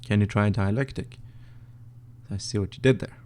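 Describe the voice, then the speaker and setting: A young man from northern Sweden with a Swedish accent, casually reading out and answering chat questions on a live stream, with many fillers and pauses. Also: fairly low pitch, fairly even intonation, darkish tone. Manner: laid-back, reads chat questions aloud, hesitant with fillers.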